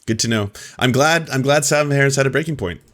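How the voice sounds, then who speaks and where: A man's voice: mid-range voice, a little fast. Sarcastic man hosting a reaction show. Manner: sarcastic, mocking, profane. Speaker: commentary show host. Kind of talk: reaction commentary.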